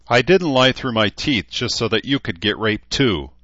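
A man's voice: medium pitch, animated, normal speed, fairly bright tone, dry recording, highs cut off, pitched above the performer's own voice. A man voicing a tired, bitter middle-aged mother who has been through a lot. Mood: weary.

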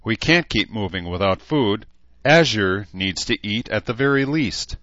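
A man voicing an angry, sharp-tongued young woman who snarls and snaps. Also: on the low side, expressive, measured pace, no echo, dull audio, pitched above the performer's own voice. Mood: worried. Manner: snarling, snappish.

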